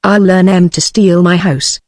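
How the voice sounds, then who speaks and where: British TTS woman reading an excitable toad. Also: on the low side, a little slow, no echo, studio quality. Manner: flat synthetic delivery. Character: boastful, excitable male toad.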